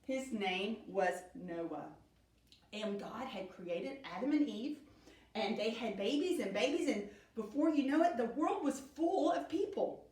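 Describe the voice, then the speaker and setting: A middle-aged woman gives a children's Bible lesson in a slow, sing-song storytelling way. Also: on the high side, lively intonation, darkish tone. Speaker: Sunday school teacher. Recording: echoey room, speaker far from mic.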